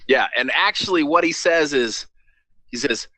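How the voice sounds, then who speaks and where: A man with a bright voice co-hosting a casual comedy show. He tells game matchups with a lively, swinging melody, teases his partner and keeps things moving. The recording is dry and close. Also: on the high side, normal speed, no echo. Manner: animated storyteller, teasing, moves the show along. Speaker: co-host.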